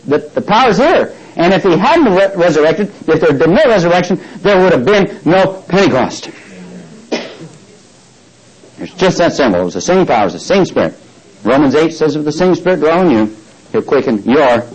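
A man with a slightly high voice preaches a sermon, retelling a scripture story and acting out its characters. He prompts the congregation to finish his lines and restarts often, all captured in poor audio.

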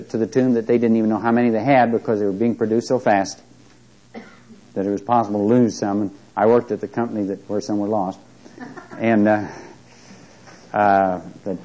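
A man's voice: lowish voice, mellow. An older man preaching a sermon, emphatic and lifting his voice to stress key words. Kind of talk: sermon on prophecy. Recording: dull lo-fi recording.

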